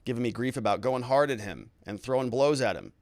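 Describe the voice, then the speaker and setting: A man giving commentary on a criminal trial, acting out courtroom questions in an animated, incredulous way. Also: mid-range voice, fairly quick, dry recording. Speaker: legal commentator.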